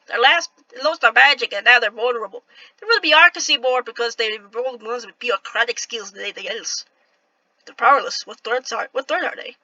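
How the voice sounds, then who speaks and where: A woman's voice: high-pitched, sharp tone, no room sound, highs cut off. A woman reading as a worldly city informant. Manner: halting, reads lines with restarts. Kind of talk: reading game dialogue aloud with an attempted accent.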